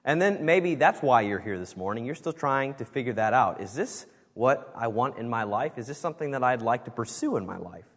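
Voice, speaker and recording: A man's voice: mid-range voice, expressive, fairly quick, few pauses. A man preaching a sermon as pastor, earnest and emphatic, leaning hard on key words. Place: church sanctuary. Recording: long reverb of a church hall.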